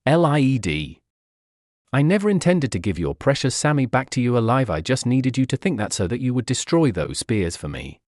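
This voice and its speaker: A man's voice: medium pitch, very animated, moderate pace, darkish tone, dry recording, clean studio sound, close to an everyday voice. A man voicing a cruel, scheming female monster who leads a clan, speaking in a taunting, sneering way.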